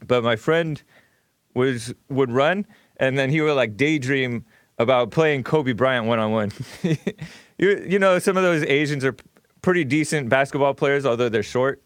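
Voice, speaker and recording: A man's voice: medium pitch, normal speed, no echo, clean studio sound. A man hosting a casual livestream monologue, rambling with frequent fillers, restarts and chuckles. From California. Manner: rambling, laughs often, many fillers and restarts. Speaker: host.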